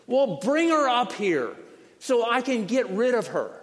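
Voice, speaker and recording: An irritable, corrupt male judge , put on by a preacher, barks in a raised, strained voice that sits well above the speaker's own. He is loud and dismissive, and his words ring out into a long hall reverb. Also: very high voice, big pitch swings, unhurried, voice pushed up, heavily acted. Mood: annoyed.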